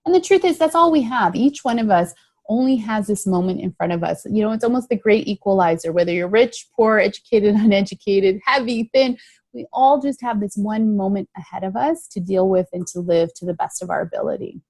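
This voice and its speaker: Middle-aged woman, slightly gravelly voice, dry close sound, earnest, emphatic. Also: medium pitch, a little fast, darkish tone, dry recording. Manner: earnest, emphatic, repeats key phrases. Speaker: guest sharing recovery story. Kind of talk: interview answers, reflective.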